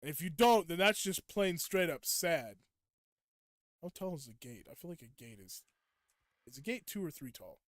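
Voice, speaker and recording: A man's voice: a little high, expressive, normal speed, fairly bright tone, no room sound, studio quality. A young man streaming a game and chatting casually with viewers, ranting at them in playful mock indignation. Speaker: gaming streamer. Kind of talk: casual live gameplay chat.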